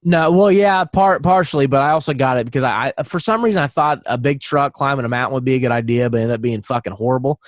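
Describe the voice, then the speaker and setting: A man's voice: mid-range voice, quick pace, few pauses, no echo, clean studio sound. A man co-hosting a podcast, telling a rambling, profane story with lots of laughter. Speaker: podcast co-host. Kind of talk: casual podcast chat.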